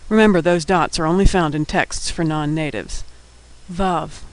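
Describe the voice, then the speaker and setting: A man giving a scripted lesson, naming each letter and explaining its sound in a patient, clear way. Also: a little high, steady tone, normal speed, no room sound, poor audio. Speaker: teacher. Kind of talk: scripted instructional narration.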